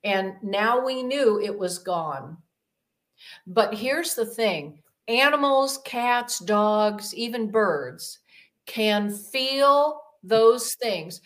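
A woman's voice: medium pitch, animated, drawn-out words, a bit bright. A woman guest telling a personal story in an interview, rambling with many fillers and acting out the voices she quotes. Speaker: podcast guest, demonologist.

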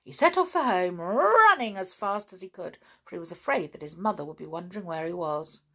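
A woman reading a children's story aloud with gentle, expressive delivery. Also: fairly low pitch, brisk, breathy edge.

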